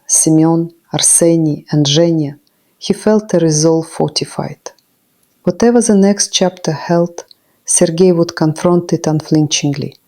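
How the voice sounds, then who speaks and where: Slow, dark-voiced woman narrator. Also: sits low. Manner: solemn, measured storytelling. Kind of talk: scripted narration.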